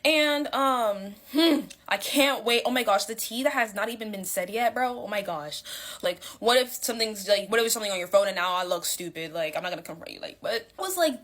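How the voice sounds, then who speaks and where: A woman's voice: medium pitch, animated, fairly quick, fairly bright tone. A young woman telling a story casually, chatty with lots of fillers and dramatic swings in her voice.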